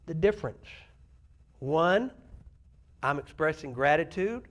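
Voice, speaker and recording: A man with a fairly high voice delivers a sermon in a church. He talks in a conversational way and often turns to the congregation with questions. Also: expressive, measured pace. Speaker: preacher. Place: church sanctuary.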